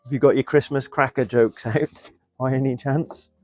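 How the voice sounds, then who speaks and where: Man, live-stream hobby chat, mid-pitched, murmuring while he works, faint music behind. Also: steady tone, moderate pace, a little mellow, no room sound, clean studio sound. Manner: chatty, mutters while working, reads viewer comments. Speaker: model railway hobbyist streamer.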